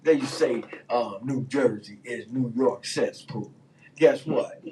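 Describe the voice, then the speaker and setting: A man's voice: medium pitch, takes it slowly, a little mellow, recorded from a distance, slight background noise, low-quality recording. Heated slangy man ranting on the radio. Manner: loose, heated, slangy rants with many fillers. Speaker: radio talk show host. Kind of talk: casual opinion talk.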